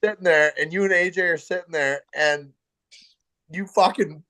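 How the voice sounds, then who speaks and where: Guest, male veteran hockey player; fairly high voice, dry close mic, cursing and emphatic. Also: fairly even intonation, normal speed, bright, forceful tone, dry recording, poor audio. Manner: profane, stumbling restarts, emphatic. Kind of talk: casual chat.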